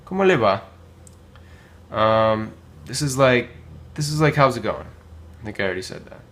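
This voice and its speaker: A man teaching a casual language lesson, modelling phrases slowly with many pauses and filler words. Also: mid-range voice, expressive, a bit bright. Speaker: Spanish teacher.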